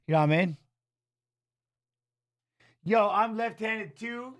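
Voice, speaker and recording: Man, middle-aged, high voice, live fight commentary, animated, shouting advice at the screen. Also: takes it slowly. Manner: animated, coaching the fighters, answers viewer comments. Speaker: fight commentator hosting a watch-along. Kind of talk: live watch-along commentary and chat reading.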